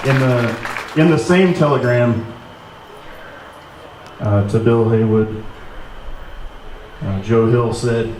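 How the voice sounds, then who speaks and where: A man giving a halting, informal eulogy at an outdoor memorial, full of pauses and dry jokes. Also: mid-range voice, a little mellow, a faint crowd. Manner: hesitant, many "uh" fillers, dry humor. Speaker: memorial speaker. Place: outdoor gazebo. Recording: echoey, distant, noisy.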